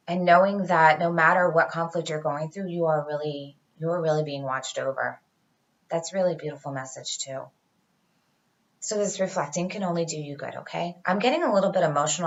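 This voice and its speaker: Woman doing a chill tarot reading, lowish voice, chatty, talking right to viewers, kinda muffled lo-fi audio. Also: fairly quick. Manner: chatty, reassuring, talks straight to viewers. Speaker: tarot reader. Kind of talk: casual tarot reading to camera.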